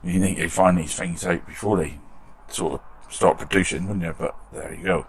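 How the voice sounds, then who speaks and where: A man's voice: deep voice, fairly even intonation, normal speed, slight background noise. A British man hosting a model restoration channel, chatting casually in his shed workshop and reading out viewer comments with self-deprecating humour.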